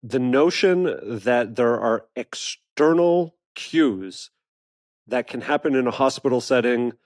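A man's voice: mid-range voice, lively intonation, slow, darkish tone, no room sound, clean studio sound. A man with a Canadian accent co-hosting a podcast, playful and teasing in casual chat. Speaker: podcast co-host.

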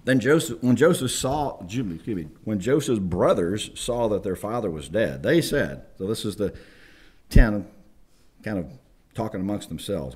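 A man preaching a chapel sermon, lively and acting out quoted voices. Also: fairly low pitch, normal speed, husky. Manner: animated, acts out quoted voices. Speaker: chapel speaker. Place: college chapel.

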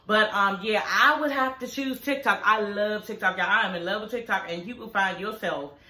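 Woman vlogger, home review channel, bright tone, casual and profane, slight room echo. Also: medium pitch, moderate pace. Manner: profane, talks straight to viewers. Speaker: YouTube show reviewer. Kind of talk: casual chatty review vlog. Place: home, filming in front of her TV. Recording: roomy echo.

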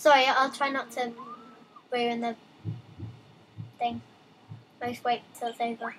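A young woman with a high voice plays through a let's play, reading the game's dialogue aloud and breaking off into excited asides. She speaks slowly, casually and a bit ramblingly. The recording is rough, with a faint hum of ambience behind her.

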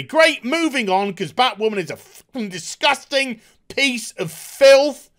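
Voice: mid-range voice, expressive, unhurried, a bit bright. A TV review host recapping an episode with sarcasm and open contempt, often stumbling over fillers and restarts and mocking the characters in put-on voices. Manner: frequent filler hesitations and restarts.

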